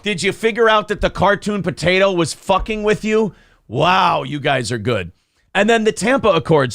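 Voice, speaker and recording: A man co-hosting a casual podcast, ranting sarcastically and mocking his critics in shouted put-on voices. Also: high-pitched, expressive, moderate pace, vocal fry, dry recording. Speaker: podcast co-host. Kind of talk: casual profane banter.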